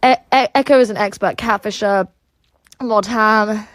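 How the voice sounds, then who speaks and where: A woman's voice: medium pitch, steady tone, a little slow, no echo. A woman hosting a casual livestream, reading chat aloud and rambling with lots of "like" and "um" fillers.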